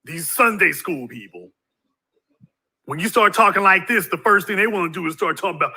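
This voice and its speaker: A YouTube commentator rants through a video monologue, his high-set voice very bright and cutting. He's animated and moves at a moderate pace, preaching at his audience and pelting them with rhetorical questions.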